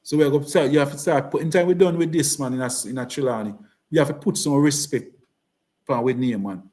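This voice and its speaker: A man's voice: medium pitch, fast talker, darkish tone. A man with a Jamaican accent giving an impassioned campaign speech, repeating himself and slipping into patois. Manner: impassioned, repetitive, switches into patois. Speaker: political speaker.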